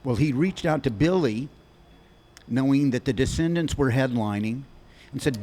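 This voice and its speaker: A man in his sixties, a musician guest on a podcast, telling long anecdotes in quick animated bursts with many restarts. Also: medium pitch, a little hiss or hum. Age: 60s. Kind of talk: rambling storytelling in an interview.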